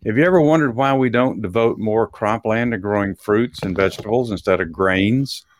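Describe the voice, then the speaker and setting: Low-voiced man reading news with asides. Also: normal speed. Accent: Texan. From Texas. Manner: reads articles aloud with asides and chuckles. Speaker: co-host. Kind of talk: casual talk show chat, reading news items.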